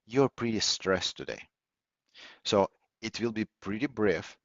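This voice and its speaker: A man hosting a live online audio session, teaching in a measured way with many fillers and restarts. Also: on the low side, dry recording. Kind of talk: teaching talk on listening skills. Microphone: computer or phone mic on a call. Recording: dull, lo-fi audio call, dry.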